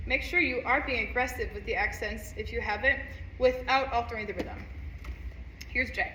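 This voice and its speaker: A woman's voice: a little high, normal speed, bright, forceful tone, slight background noise. A woman teaching a music lesson, counting rhythms aloud and singing passages in an upbeat, encouraging way. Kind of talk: instrument lesson walkthrough. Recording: echoey room, faint ambience.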